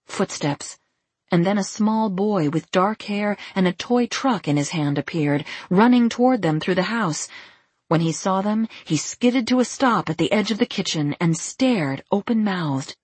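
A woman narrating a novel in a calm storytelling manner. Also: medium pitch, measured pace, slightly rough, dry recording. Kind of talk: scripted narration.

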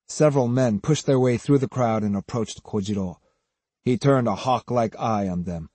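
A man's voice: mid-range voice, moderate pace, warm tone, slightly rough, no echo. A man reading a novel aloud as an audiobook narrator, giving each character a voice. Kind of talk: scripted narration.

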